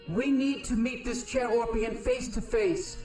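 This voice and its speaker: An actor voicing a solemn alien council that speaks slowly and formally. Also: male voice, very high-pitched, reverberant, distant mic, over music.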